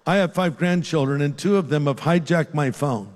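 Earnest older preacher in a reverberant hall. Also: male voice, a little high, normal speed. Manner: earnest, pleading, lifts his voice on key phrases and drops soft for prayer. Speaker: pastor. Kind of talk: sermon closing in an altar-call prayer. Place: large church hall with a live congregation.

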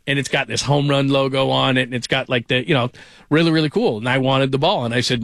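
A middle-aged man hosting a casual sports talk show, telling stories and getting animated when amused. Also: mid-range voice, fast, vocal fry, dry recording.

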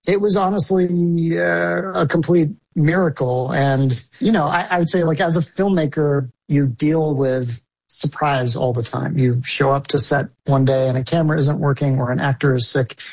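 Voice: mid-range voice, a little mellow, low-quality recording. A filmmaker answering interview questions thoughtfully, often restarting and searching for words.

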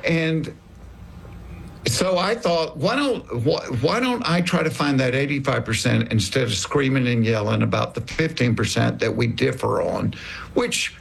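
A man's voice: mid-range voice, measured pace, gravelly, husky. A man with a Southern US accent, a comedian guest telling folksy stories in casual conversation and acting out quoted remarks. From American South.

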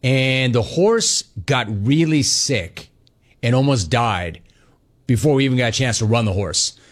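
A man hosting a sports talk show, telling a long story in a casual, animated way. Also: medium pitch, measured pace. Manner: animated storytelling, mimics callers and others in quotes. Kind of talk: casual radio-style monologue.

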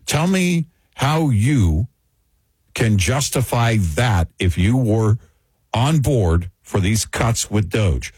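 A man hosting a political talk show, speaking in a frustrated, emphatic way with a husky voice. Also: fairly low pitch, expressive, slow, darkish tone, no echo.

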